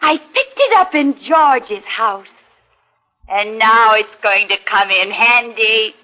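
An actress playing a hateful, unstable woman in a 1950s radio drama, halting one moment and gloating the next. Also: fairly high pitch, lively intonation, bright, forceful tone, full character voice, low-quality recording. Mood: menacing. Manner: halting, then gloating and menacing. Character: unhinged, hate-filled younger sister with a knife.

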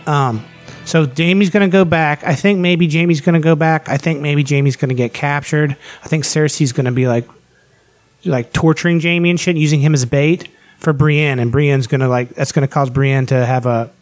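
Guy w kinda high voice going off and cussing a lot on a podcast, super animated. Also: normal speed, faint music behind. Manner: ranting, heavy swearing, animated. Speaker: podcast co-host. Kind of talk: casual chat.

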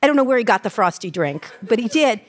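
A woman's voice: a little high, animated, quick pace. A woman in her sixties being interviewed on stage about her memoir, telling irreverent, profane anecdotes and mimicking the people in them. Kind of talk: candid storytelling on stage. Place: live event stage.

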